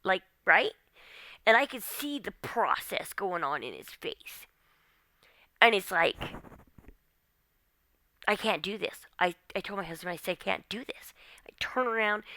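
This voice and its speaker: A woman with a bright, gravelly voice tells her own story straight to camera, tense and full of "like" and "okay?" fillers. Her voice sits dry and close on the mic. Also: medium pitch, expressive, unhurried, no room sound. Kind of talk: personal storytelling monologue.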